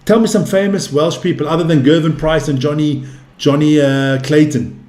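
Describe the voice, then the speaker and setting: A man's voice: fairly high pitch, moderate pace, darkish tone. Chatty man calling darts scores. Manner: chatty, calls scores and answers viewer chat. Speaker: darts commentator and stream host. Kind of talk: casual live darts commentary. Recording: roomy echo.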